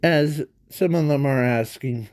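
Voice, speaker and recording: A man's voice: a little high, a little slow, darkish tone, no room sound, clean studio sound. A man telling an unscripted fan story in a rambling, hesitant way, full of fillers and self-corrections.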